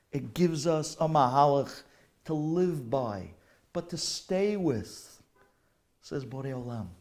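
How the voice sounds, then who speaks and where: A man's voice: mid-range voice, mellow. A middle-aged man, a rabbi, telling a heartfelt story in a sermon, using Hebrew and Yiddish terms.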